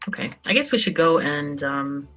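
Low-voiced woman chatting through a game. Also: lively intonation, normal speed, fairly bright tone. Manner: chatty, explains things, laughs often. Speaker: co-op gaming guest. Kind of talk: casual let's-play chat.

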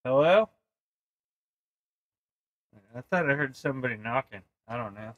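A man live-streaming a retro video game while drinking, rambling and swearing loudly at the game. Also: medium pitch, fast talker, dry recording, muffled recording. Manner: profane, rambling, yells at the game. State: tipsy from drinking. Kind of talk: casual live-stream commentary.

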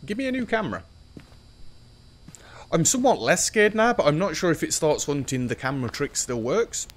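A man's voice: fairly high pitch, big pitch swings, a little fast, a little hiss or hum. A man giving nervous, joking commentary on a solo horror game, now and then taunting the ghost. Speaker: gaming streamer.

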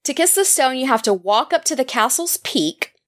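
A woman's voice: sits high, expressive, moderate pace. A woman co-hosting a podcast, casually summarizing articles in a playful way and laughing often. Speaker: podcast co-host.

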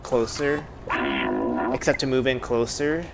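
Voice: mid-range voice, steady tone, a little slow, background noise. A game streamer giving casual let's-play commentary, chatting and muttering asides to themself and the viewers. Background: game music.

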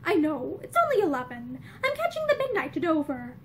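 A woman reading a novel voices a flustered young man from an old romance, impatient and ashamed. He speaks in jerky, strained bursts. The voice is high and animated. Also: a little fast, slight background noise.

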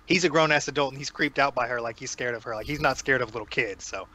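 A man's voice: mid-range voice, fast talker, pushed and bright. A man playing in a tabletop game, chatting casually and easygoing, laughing often. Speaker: player.

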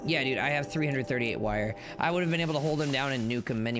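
A man streaming live gameplay commentary, excitable and playful, rambling on and chatting with his viewers. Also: medium pitch, fast, music in the background.

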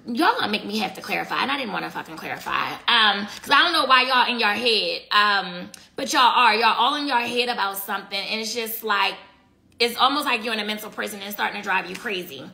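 A woman's voice: on the high side, gravelly, pushed and bright. A woman giving a casual live tarot reading, blunt and profane, chatting with her viewers between cards. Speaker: tarot reader.

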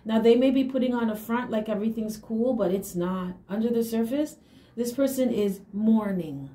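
Woman tarot reader, slightly high voice, casual and emphatic with affirming hums; echoey room, light hiss. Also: normal speed, dark tone. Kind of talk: casual tarot reading to camera.

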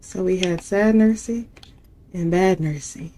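A woman commenting casually on a game from her home setup, talking jittery and dropping into nervous whispers. Her voice sits very low with a gravelly fry. A faint noise sits behind her. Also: fairly even intonation, normal speed, a little mellow. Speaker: gaming channel host.

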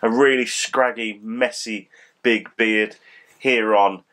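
A man's voice: lowish voice, steady tone, takes it slowly, fairly bright tone. A middle-aged man in casual chat as co-host, rambling and teasing, with a slight cold.

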